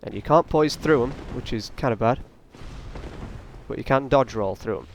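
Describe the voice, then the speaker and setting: A man doing a relaxed let's play commentary at an everyday pitch. He rambles loosely and tosses taunts at the enemies he's fighting, over a faint hiss of background noise. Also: normal speed, vocal fry. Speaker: gaming channel host.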